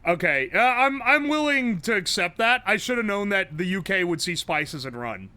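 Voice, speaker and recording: A man streaming live, commenting on a game with blunt, profane, quick reactions. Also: high-pitched, animated, bright, forceful tone, clean tone, no echo.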